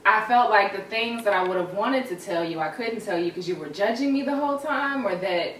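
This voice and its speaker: A woman's voice: medium pitch, expressive, a little fast, slight background noise. Candid young woman, roomy distant sound. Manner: candid and reflective. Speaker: vlogger. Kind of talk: casual conversation. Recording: roomy, slightly distant mic with faint ambience.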